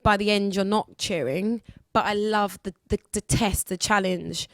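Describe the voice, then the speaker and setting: Brief: woman, 20s, radio guest, candid and lively, dry close sound. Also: medium pitch, a little slow, no room sound. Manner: candid, lively, acts out other people's voices. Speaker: guest singer. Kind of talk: casual radio interview chat.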